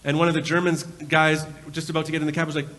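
A man's voice: a little high, level tone, racing, a bit bright. Man preaching in a reverberant church. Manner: conversational storytelling preacher. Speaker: pastor. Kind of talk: sermon. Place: large church with balcony. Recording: long hall reverb.

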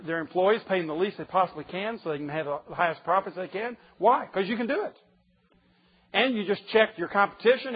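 Guy preaching a sermon, husky kinda high voice, keeps firing questions at the crowd, muffled sound. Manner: emphatic, rhetorical questions to listeners.

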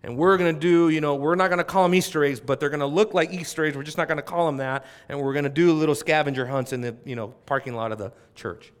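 A man preaching a sermon, impassioned, swinging between loud emphasis and soft asides and speaking straight to his listeners. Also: a little high, clear, resonant tone. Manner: speaks straight to the audience, with quick conversational asides.

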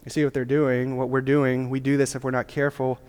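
A man's voice: mid-range voice, level tone, fast, a little mellow, clear, resonant tone. A man preaching a sermon as a pastor, with a casual, joking, conversational delivery. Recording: long hall reverb.

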